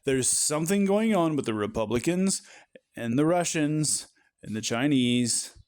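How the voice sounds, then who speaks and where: Male political ranter, slightly high voice, furious and profane. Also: animated, a little slow, a little mellow. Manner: profane, exasperated, ranting. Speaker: political commentator. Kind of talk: angry political rant.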